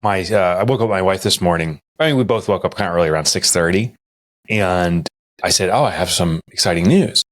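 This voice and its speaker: A man co-hosting a podcast, telling stories in casual chat and mimicking others in a high voice. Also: brisk. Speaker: podcast co-host.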